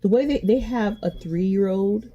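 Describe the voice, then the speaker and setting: A beauty vlogger chats casually while doing her makeup, candid and rambling, often restarting, repeating herself and swearing a lot. Her mid-range voice is dark in tone and a little slow, and the recording sounds muffled.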